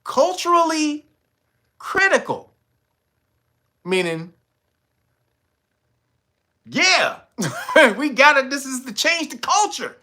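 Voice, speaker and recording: A man's voice: high voice, bright, forceful tone. A man hosting a livestream commentary, profane and mocking, laughing often and talking to his chat. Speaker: channel host. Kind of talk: livestream commentary reading news.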